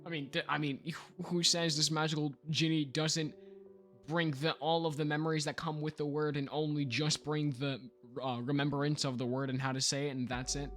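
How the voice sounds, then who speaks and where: A man's voice: a little high, level tone, moderate pace, fairly bright tone, faint music behind. A young man co-hosting a podcast, chatting casually with lots of laughter, fillers and loose tangents. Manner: giggly, rambling, lots of fillers. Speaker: podcast co-host. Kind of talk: casual chat.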